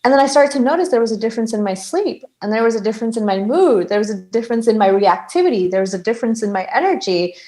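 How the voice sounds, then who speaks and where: Woman in her 30s from bangladesh, chatty podcast guest, kinda high voice, laughs a bunch. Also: expressive, fast talker, hardly any pauses, warm tone, low-quality recording. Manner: chatty, laughs often, lots of "like". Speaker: podcast guest, sound healer. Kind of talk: casual conversation.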